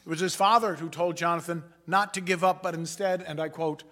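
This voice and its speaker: A man delivers a sermon in an earnest, measured voice that sits a little high. His tone is bright and forceful, and he slows down deliberately to stress his main points. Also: steady tone. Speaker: preacher.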